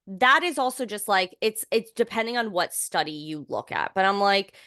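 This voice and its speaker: A woman's voice: medium pitch, moderate pace, no echo, clean studio sound. A young woman co-hosting a podcast, talking in a casual, rambling way with lots of fillers and restarts. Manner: chatty, filler-heavy, many restarts, animated when amused. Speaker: podcast co-host. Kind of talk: casual chat.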